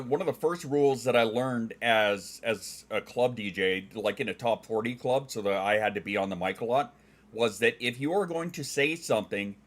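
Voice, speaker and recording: A middle-aged man with a Western Canadian accent, chatting casually on a stream, joking and enunciating clearly like a trained former DJ. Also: medium pitch. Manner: joking, dad jokes. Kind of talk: casual chat reading viewer comments.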